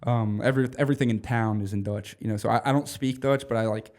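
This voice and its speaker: A man's voice: mid-range voice, steady tone, fast, darkish tone. A young man from Louisiana with a Southern accent, a stand-up comedian guest telling rambling, profane stories in casual podcast chat. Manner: rambling storyteller, swears freely, says dude a lot.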